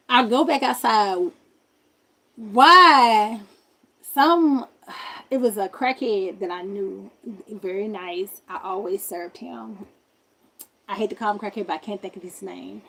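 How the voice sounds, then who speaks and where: A woman streamer telling a personal story in a casual, animated way, full of slang and talking straight to her viewers. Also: mid-range voice, takes it slowly, gravelly, pauses often.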